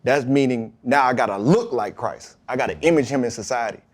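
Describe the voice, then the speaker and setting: Man, podcast guest, casual storytelling, emphatic, animated, mid-pitched voice. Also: brisk. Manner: emphatic, animated retelling with acted-out quotes. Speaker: podcast guest, pro football linebacker. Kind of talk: casual storytelling about faith and football.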